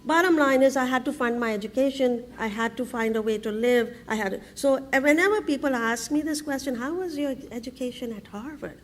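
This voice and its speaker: A woman tells her story to a conference audience. She speaks in a fairly high voice, laughing often, breaking off and restarting her sentences. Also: fairly quick, hardly any pauses, a little hiss or hum. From India. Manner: lively, laughing, frequent restarts and fillers. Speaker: entrepreneur giving a conference talk. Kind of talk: humorous storytelling talk. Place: conference stage before an audience.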